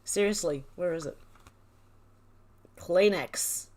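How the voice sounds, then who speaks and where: A woman's voice: lowish voice, slow, a little mellow. A woman hosting a livestream, reading viewers' comments aloud while tearful and overwhelmed, laughing through it. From Australia. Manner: emotional, teary and laughing, overwhelmed. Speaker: livestream host. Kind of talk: reading live chat aloud.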